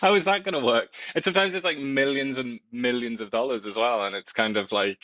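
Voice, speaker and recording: A man's voice: medium pitch, a little fast, pushed and bright, no room sound, dull audio. A man co-hosting a political talk show, speaking wryly and joking dryly. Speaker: co-host. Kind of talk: casual political chat.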